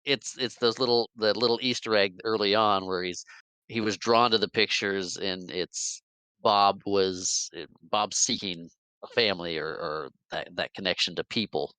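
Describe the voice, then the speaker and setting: A man co-hosts a podcast and chats casually about a movie, often repeating words as he restarts his thoughts. His voice sits a bit low, smooth and resonant, with a bright edge. The sound is dry and close. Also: fairly even intonation, normal speed, no echo. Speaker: podcast co-host. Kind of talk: casual movie recap chat.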